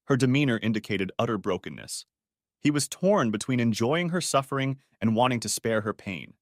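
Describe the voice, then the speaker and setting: A man narrating an audiobook story in a measured, scripted reading. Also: medium pitch, animated, dry recording, clean studio sound.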